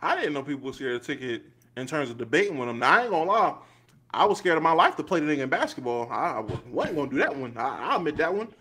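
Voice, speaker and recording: Lively bright-voiced man ranting. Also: a little high, quick pace. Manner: animated, profane, swings from loud to mumbled. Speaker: streamer host. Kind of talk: casual rant.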